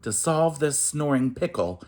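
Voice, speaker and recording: A man voicing a fretful, sleepy little male mouse in a read-aloud picture book, squeaky and frantic. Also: animated, measured pace, a little mellow. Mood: pleading.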